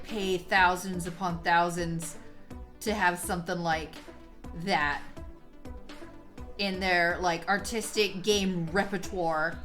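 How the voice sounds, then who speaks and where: A young woman streaming while she draws, gushing excitably, swearing a lot, laughing often and trailing off mid-sentence. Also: mid-range voice. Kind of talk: casual live-stream chat while drawing.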